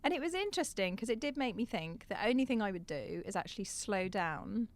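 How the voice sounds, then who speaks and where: A woman's voice: medium pitch, animated, brisk. A middle-aged woman, a coach, talking candidly and reflectively in a podcast conversation. She laughs often mid-sentence and has a slight cough. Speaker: coach and guest.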